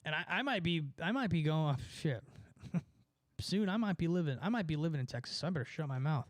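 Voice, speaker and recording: A man's voice: a little high, expressive, quick pace, no echo. A young man from California in a casual, sarcastic rant, mocking people and laughing at his own points. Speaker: streamer. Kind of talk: casual ranting chat.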